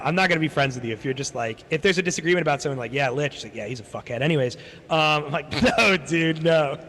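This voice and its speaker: With a slightly bright voice on the high side, this man tells a rambling story on stream, cursing freely and performing the people he quotes. A long hall reverb hangs over the sound.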